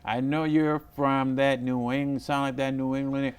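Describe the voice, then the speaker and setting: A man's voice: medium pitch, level tone, moderate pace, clear, resonant tone. A man hosting a local talk show, asking his guest questions in a friendly way. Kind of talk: casual interview.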